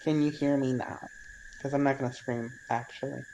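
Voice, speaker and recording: A man's voice: medium pitch, level tone, moderate pace, gravelly, darkish tone, muffled recording, slight background noise, close to an everyday voice. A man voicing a fed-up screaming sorceress. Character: exasperated young female sorceress screaming in frustration.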